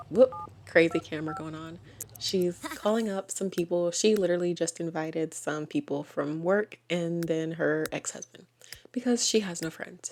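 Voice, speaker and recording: A woman's voice: fairly low pitch, a little mellow. A woman hosting a gaming channel who talks through her life-sim game in casual commentary, chatty and giggly, often correcting herself. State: hiccups.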